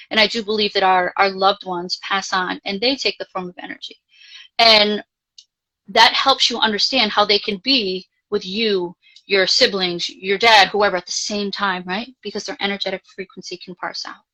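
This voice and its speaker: A woman life coach, a guest in a live interview, telling a personal story in a chatty, animated way, full of "like" and casual swearing. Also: medium pitch, rough recording. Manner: chatty, animated, frequent filler "like", casually profane.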